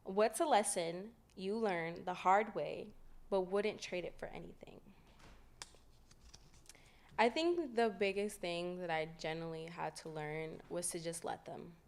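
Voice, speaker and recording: A woman hosting her own podcast, telling stories in a casual, slangy, animated way and laughing often. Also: fairly low pitch, unhurried. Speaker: podcast host. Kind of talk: casual storytelling chat.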